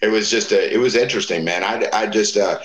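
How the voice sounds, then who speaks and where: A middle-aged man, his voice on the low side and his pace quick, is a guest telling stories casually. He animates them by acting out quoted voices, and the recording carries a roomy echo.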